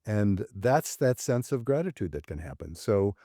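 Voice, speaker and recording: A man's voice: lowish voice, sing-song, moderate pace, mellow, dry recording, clean studio sound. A male psychologist speaking as a podcast guest, reflective, illustrating his points with quoted examples from couples. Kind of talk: podcast interview.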